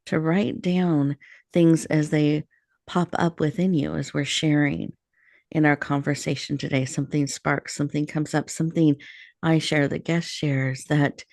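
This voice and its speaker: A woman host with a low, gravelly voice leads a calm guided breathing meditation. She speaks slowly and invitingly, in a soothing tone. The sound is dry and close. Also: no room sound. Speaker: radio show host.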